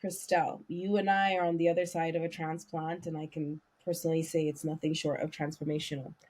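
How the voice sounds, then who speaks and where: A woman co-hosting a podcast, praising a friend with lively, animated emphasis. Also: sits low, fairly quick. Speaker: podcast co-host. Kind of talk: heartfelt casual chat.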